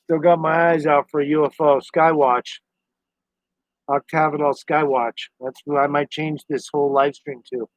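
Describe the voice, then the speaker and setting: A man's voice: on the high side, level tone, moderate pace, no room sound. A man chatting casually on a live stream, rambling to his viewers and his dog. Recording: dry, dull lo-fi sound.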